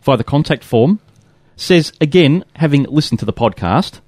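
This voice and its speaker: A man co-hosting a tech podcast works through listener mail, reading each letter in a steady, even voice. His pitch sits in an ordinary middle range. The sound is close and dry, with no room around it. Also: normal speed, no room sound.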